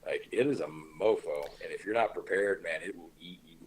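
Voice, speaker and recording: Low husky-voiced man giving advice. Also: fairly quick, poor audio. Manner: laid-back, drawling, coach-like advice with slang. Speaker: podcast host. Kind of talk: casual podcast chat.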